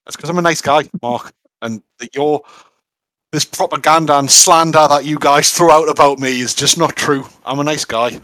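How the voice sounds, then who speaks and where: A man's voice: a little high, moderate pace, bright, forceful tone, no room sound. Man, podcast co-host, chatty, enthusiastic, dry sound. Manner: chatty, enthusiastic, lots of fillers. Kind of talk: casual chat.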